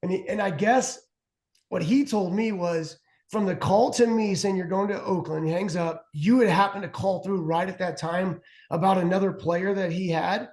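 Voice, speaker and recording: High-voiced man telling a long story. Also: fairly even intonation, normal speed, darkish tone. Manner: rambling, restarts a lot, heavy "like". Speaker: guest, former pitcher. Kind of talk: casual storytelling chat. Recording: roomy echo.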